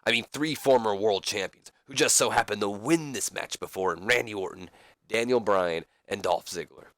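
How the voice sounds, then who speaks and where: Brash veteran ring host, showman hype, a man playing him with a raised, lowish voice, dry sound. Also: a bit bright, dry recording, natural voice. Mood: hyping. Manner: showman hype, drawn-out emphasis. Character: brash veteran wrestling talk-show host.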